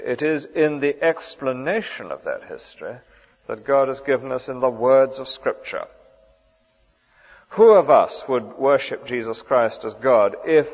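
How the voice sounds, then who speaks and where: Earnest man preaching in a reverberant hall. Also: mid-range voice. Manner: earnest, emphatic preaching with rhetorical questions. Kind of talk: sermon. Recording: dull sound with long hall reverb.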